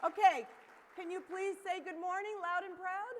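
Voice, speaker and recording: Her pitch is extremely high and her tone steady as a woman gives an upbeat, interactive conference keynote at a moderate pace, prompting listeners to call out greetings. The large hall adds long reverb, with slight background noise.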